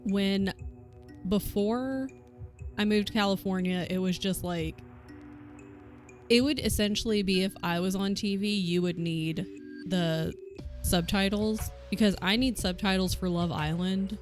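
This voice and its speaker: A woman from the American South with a softened Southern accent, chatting casually on a stream and swearing freely. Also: mid-range voice, a little slow. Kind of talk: casual chat while coworking. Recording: faint music behind.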